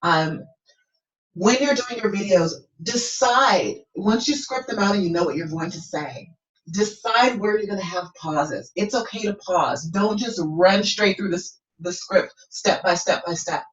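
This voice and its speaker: A woman's voice: medium pitch, a little slow. A woman coaching students in an encouraging way, often checking in with "okay?". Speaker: business coach. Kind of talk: coaching lesson. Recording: roomy, distant, dull lo-fi sound.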